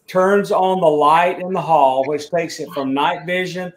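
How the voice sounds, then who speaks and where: A man's voice: a little high, fairly even intonation, unhurried. A middle-aged man on a video call, a scientist and engineer, explaining videos and measurements in a plain, technical, matter-of-fact way. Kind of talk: casual show-and-tell explanation. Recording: echoey room sound.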